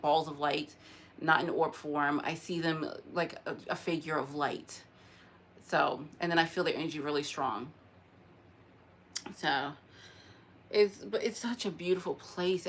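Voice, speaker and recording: A woman chatting casually about spirits in a rambling, animated way, laughing often. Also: low-pitched, slight background noise. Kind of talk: casual spiritual talk to camera.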